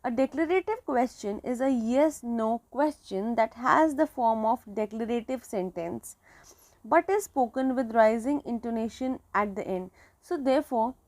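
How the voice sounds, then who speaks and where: An Indian English woman delivers a grammar lesson in a fairly high voice. She explains patiently, circling back with fillers and restating points. The sound is dry and close. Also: a little mellow, no echo. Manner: explanatory, repeats phrases with fillers. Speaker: teacher. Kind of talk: recorded grammar lecture.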